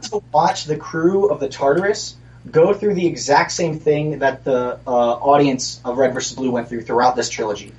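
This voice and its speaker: A man, a voice actor, chatting animatedly at a live panel, laughing often and making quick asides. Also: medium pitch, fairly even intonation, darkish tone, lo-fi sound. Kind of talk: casual panel talk. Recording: distant panel mic in a hall.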